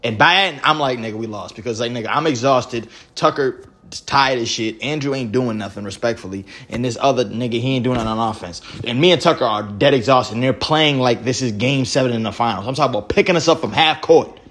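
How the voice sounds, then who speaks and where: A man's voice: mid-range voice, fast talker. A man co-hosting a podcast, retelling a pickup basketball game in casual, profane slang. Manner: animated storytelling, profane slang. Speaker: podcast co-host. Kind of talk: casual chat.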